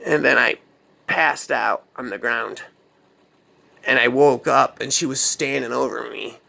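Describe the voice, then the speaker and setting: A man's voice: medium pitch, measured pace, gravelly, pushed and bright. A man telling a crude comedic horror story in a rambling, profane, casual way.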